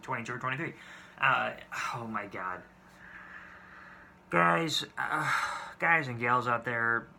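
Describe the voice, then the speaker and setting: Bright-voiced young man telling stories. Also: medium pitch, a little hiss or hum. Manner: exasperated, profane, rambling with restarts. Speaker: vlogger. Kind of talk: casual storytelling to camera.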